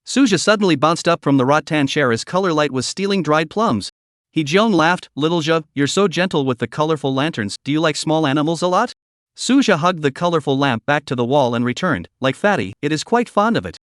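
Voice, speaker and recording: A man narrating a scripted story recap with a lively, expressive reading. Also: a little high, brisk, dry recording, clean studio sound.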